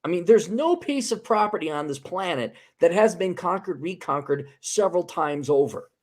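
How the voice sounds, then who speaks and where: A man on a casual podcast, talking in a heated, profane rant that keeps restarting mid-thought. His voice sits somewhat high and swings widely in pitch as he gets worked up. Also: animated, moderate pace, a little mellow. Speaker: podcast host.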